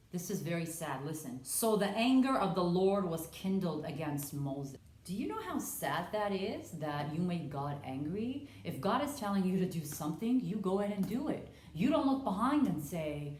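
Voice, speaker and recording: A woman's voice: lowish voice, expressive, moderate pace, darkish tone, reverberant. A woman giving a casual Bible study talk, earnestly explaining scripture and acting out the dialogue as she goes. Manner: earnest, conversational, stumbles and restarts, acts out dialogue. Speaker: Bible teacher.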